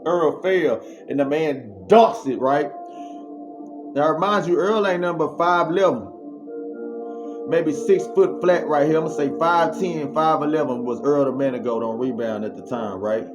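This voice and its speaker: A man vlogger telling a story in an animated, slangy way and then preaching, with sound effects he makes himself. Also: on the high side, moderate pace. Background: music.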